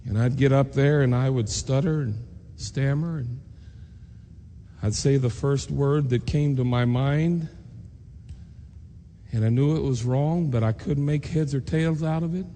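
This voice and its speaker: A man's voice: medium pitch, a little slow, dark tone. Earnest man preaching in a reverberant hall. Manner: earnest, emotional, acts out quoted voices. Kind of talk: personal storytelling sermon. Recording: long reverb in a large hall, faint noise.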